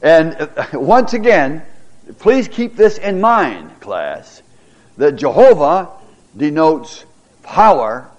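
Slow, animated male Bible teacher. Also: on the high side, dull audio. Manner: dramatic scripture reading with stutters acted out; halting, repeats words with frequent fillers. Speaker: pastor teaching a Bible class. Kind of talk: Bible class lecture.

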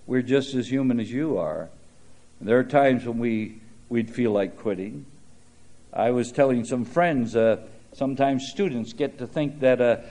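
A man's voice: mid-range voice, dark tone. An older man preaching a sermon, telling stories in a conversational way with frequent "uh" fillers. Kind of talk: sermon with storytelling.

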